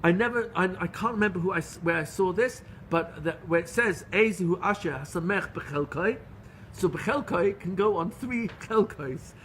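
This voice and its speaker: A middle-aged rabbi giving a Torah lecture, telling stories in an earnest, animated way with frequent restarts. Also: male voice, high-pitched, moderate pace, hardly any pauses, slight background noise. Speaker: rabbi teaching a class.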